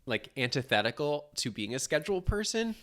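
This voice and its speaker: A podcast co-host in casual chat, animated, laughing often and trailing off mid-sentence. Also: medium pitch, brisk.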